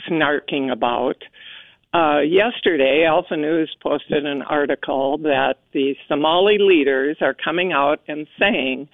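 Slow, gravelly woman on a phone line. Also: low-pitched, dry recording. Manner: indignant, deliberate. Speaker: caller. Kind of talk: talk radio call-in.

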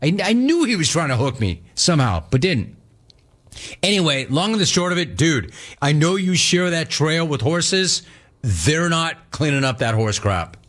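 A man's voice: a little high, very animated, moderate pace, a bit bright. A man hosting a sports call-in show, riffing energetically and talking in slangy, casual terms. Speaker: radio talk host. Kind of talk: sports talk radio.

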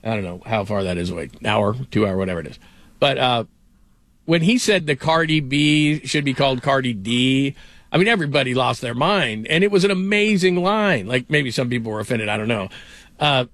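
A man's voice: mid-range voice, animated, brisk, fairly bright tone, no room sound. A middle-aged man hosting a sports radio show, telling stories with many "like" fillers. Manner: rambling storyteller, many "like" fillers. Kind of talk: casual sports talk.

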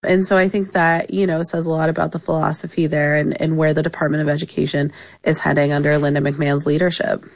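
A woman's voice: low voice, level tone, fast talker, creaky, dry recording. A woman reporter explaining policy in a radio interview, with frequent "you know" fillers. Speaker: education reporter.

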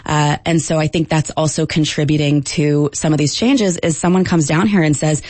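A woman linguistics professor answering radio interview questions, explaining at a measured pace with frequent ums. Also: low voice, fairly even intonation, a little mellow, no room sound.

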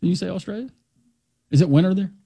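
Gravelly, husky man co-hosting sports talk. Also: high-pitched, dark tone, no echo. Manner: joking, chimes in with quick asides. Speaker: sports radio co-host.

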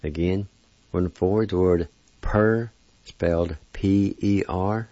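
Slowly and in a steady tone, a man with a low, mellow voice walks through a pronunciation lesson one word at a time, carefully spelling and repeating each. There is no room sound in the dull, lo-fi recording.

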